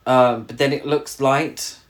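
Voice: medium pitch, fairly even intonation, slow, over a noisy crowd. A co-host in casual podcast chat, rambling and swearing in exasperation about a film.

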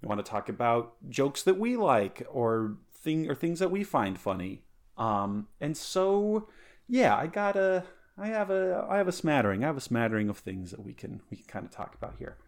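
A man's voice: mid-range voice, big pitch swings, normal speed. Easygoing man hosting a podcast. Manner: rambling, restarts sentences, easygoing. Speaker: podcast host. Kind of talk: casual chat.

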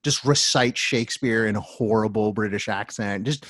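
A man telling a long story in casual, animated chat, swearing often and restarting his sentences. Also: lowish voice, moderate pace, no room sound, studio quality. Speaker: storyteller in a talk.

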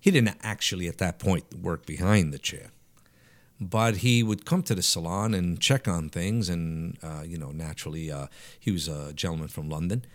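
A man's voice: low voice, normal speed. A man, telling anecdotes as a guest in a casual interview. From Bronx, New York. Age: 50s. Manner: reflective, anecdotal, frequent restarts and fillers. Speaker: podcast guest, hair stylist.

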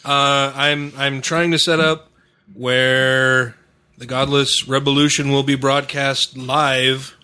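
Profane, bright-voiced podcast host. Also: male voice, medium pitch, little pitch movement, slow, smooth. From Utah. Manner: profane storytelling. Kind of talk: casual podcast chat. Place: home studio.

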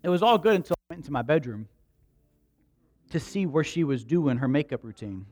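A male pastor delivers a sermon built around a personal story. His voice sits a little high for a man, and he drops to a near hush in the anecdote before rising into loud, drawn-out emphasis. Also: animated. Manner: storytelling, swings from hushed to loud and slow for emphasis.

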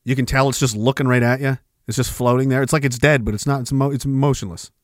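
A man hosting a podcast, rambling through a profane, animated rant, swearing and chuckling, swinging from loud bursts to low mutters. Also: fast, dry recording, studio quality. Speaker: podcast host.

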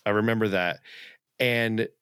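A man's voice: on the low side, fairly even intonation, measured pace, a bit bright, smooth, no room sound, clean studio sound. A man co-hosting a podcast, chatting casually over a video call and laughing often between restarts. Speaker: podcast co-host. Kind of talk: casual chat.

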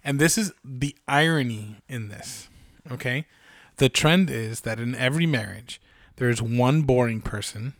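Man in his 40s, dry self-deprecating co-host, mid-pitched, in a dead-dry room. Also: a little slow, no echo. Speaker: podcast co-host. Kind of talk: casual chat.

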